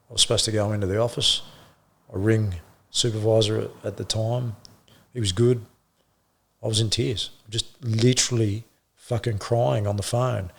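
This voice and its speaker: A middle-aged man, a former police officer, telling his story in an interview with blunt swearing and halting restarts. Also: lowish voice, steady tone, creaky. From Australia.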